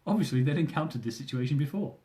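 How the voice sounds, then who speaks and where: A man's voice: fairly high pitch, expressive, fast, mellow. A young man reading aloud from his own travel memoir, with dry, self-mocking humour.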